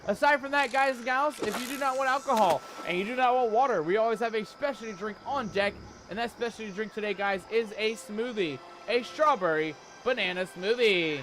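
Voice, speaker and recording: A man's voice: high voice, a little fast, few pauses, noisy background. A man streaming a cozy game, talking to his chat in a playful pirate-themed showman manner. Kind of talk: hyped live game stream commentary.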